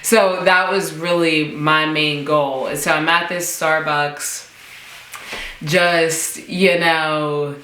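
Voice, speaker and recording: Young woman, storytime vlogger, low bright voice, animated quoted dialogue, echoey room. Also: very slow, a little hiss or hum. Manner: animated, acts out quoted dialogue with jumps in pitch. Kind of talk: casual storytime.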